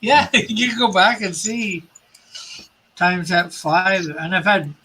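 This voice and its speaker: A man's voice: sits high, steady tone, slow pace, sharp tone, slightly rough, rough recording. A man hosting a casual comics livestream, explaining things in a rambling way with fillers and restarts.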